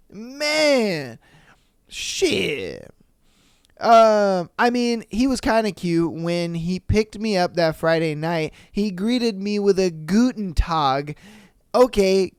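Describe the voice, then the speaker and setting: A man hosting a casual podcast, reading listener stories aloud and reacting with animated swearing and mock voices. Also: high-pitched, clean tone, dry recording, studio quality. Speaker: podcast host.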